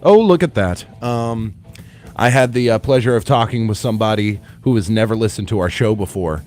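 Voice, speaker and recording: A man's voice: lowish voice, flat delivery, a little fast, a little mellow, faint music behind. A man hosting a morning radio show, chatting casually and telling stories with frequent laughter. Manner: chatty storyteller, laughs often.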